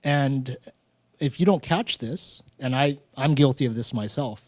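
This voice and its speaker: Guy hosting a live story night, mellow voice, dry sound, chatty and easygoing. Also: medium pitch, measured pace, no echo. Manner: relaxed, conversational, acts out quoted exchanges. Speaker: host of a live storytelling show. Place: event venue with stage.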